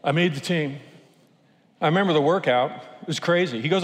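A pastor preaching a sermon, telling a personal story with animated, self-deprecating humor. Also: male voice, a little high, a little fast. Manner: animated, self-deprecating, acts out quoted voices. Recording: long hall reverb.

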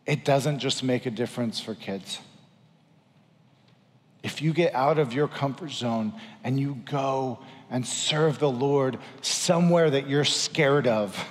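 A man's voice: medium pitch, big-room sound. A man preaching a sermon as pastor, earnest and exhorting, repeating lines for emphasis.

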